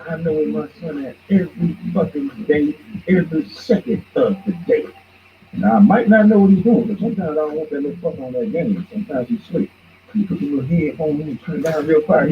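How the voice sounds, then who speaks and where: A man rants on his podcast in a fairly high voice, heated and mocking, lurching between loud jabs and low grumbles. The recording is dull and lo-fi, with a faint hiss underneath. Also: lively intonation, brisk. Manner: heated, mocking, swings between shouts and mutters. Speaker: podcast host. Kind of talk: profane ranting commentary.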